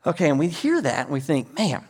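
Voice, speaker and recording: In a large hall, a middle-aged American pastor preaches a sermon in a voice on the high side, quick and slightly rough. He is an animated storytelling preacher, acting out quotes as he tells his stories.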